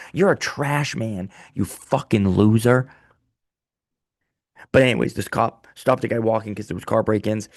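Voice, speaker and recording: Brief: low-voiced male comic ranting in a small office, dry close sound. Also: no room sound. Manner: profane, ranting, animated. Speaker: comedian. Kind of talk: casual comedic monologue.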